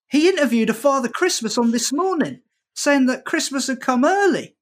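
A man's voice: extremely high pitch, normal speed. A man, a comedy guest, telling a comic anecdote with lots of swearing and voices for the people in it. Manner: animated, quotes people in voices; swears freely.

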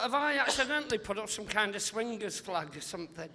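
Guy comedian rambling thru a story, does the voices, sharp bright voice, hall echo. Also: high-pitched, brisk, few pauses, a little hiss or hum. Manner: rambling animated anecdotes, acting out voices. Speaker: comedian guest. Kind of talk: live podcast interview.

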